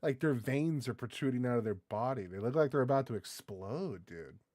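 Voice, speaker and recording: A man doing casual reaction commentary, rambling and excitable, swearing freely and tossing in dude and bro. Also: medium pitch, normal speed, no room sound, clean studio sound. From United States. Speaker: reaction video host.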